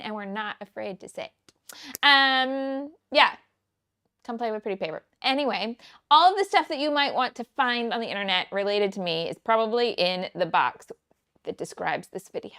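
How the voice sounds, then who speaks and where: Chatty lady from kansas city way hosting a craft stream, kinda high voice w/ some fry, rambles and laughs a lot. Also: normal speed, bright, forceful tone, no room sound, studio quality. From United States, Kansas City area. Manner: chatty, rambling storyteller who laughs often. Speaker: scrapbooking teacher and livestream host. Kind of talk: casual crafting livestream chat.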